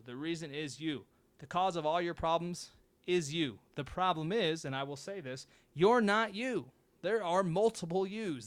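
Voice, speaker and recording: A young man hosting his own show, talking bluntly and with swearing in a fired-up motivational monologue. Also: on the high side. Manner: blunt, profane, animated. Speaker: host.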